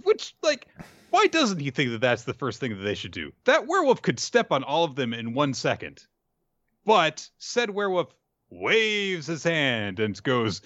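A man's voice: a little high, wildly swooping pitch, a little slow, fairly bright tone, no room sound. A man hosting a podcast, recapping an episode in a rambling, wry way with many fillers. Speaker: podcast host. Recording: dry, slightly dull recording.

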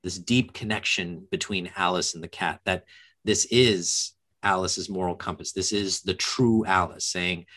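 A man with a fairly low voice speaks as a guest educator in a podcast conversation. He talks in a reflective, earnest way, with sudden bursts of animation. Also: fairly even intonation, unhurried, a bit bright.

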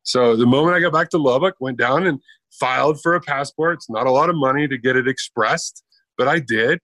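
A man's voice: medium pitch, fairly quick, fairly bright tone, no echo. A man telling a long anecdote in casual chat, rambling and conversational.

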